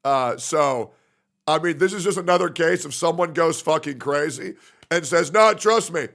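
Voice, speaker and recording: A man's voice: fairly high pitch, moderate pace, gravelly, a bit bright. A man livestreaming, ranting in a profane, sarcastic way. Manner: profane, sarcastic, acts out mocking impressions. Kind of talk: livestream rant.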